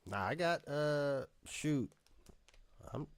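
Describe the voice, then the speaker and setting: A man, co-host and rapper, chatting on a live video call in a rambling, halting, easygoing way. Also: fairly high pitch, lively intonation, clear, resonant tone, dry recording. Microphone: webcam video call.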